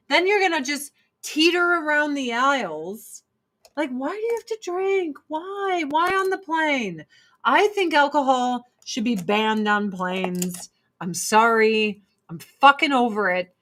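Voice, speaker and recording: A woman with a high, slightly bright voice rants at the camera while doing her makeup. She's a vlogger, and her casual chat is blunt, profane and exasperated.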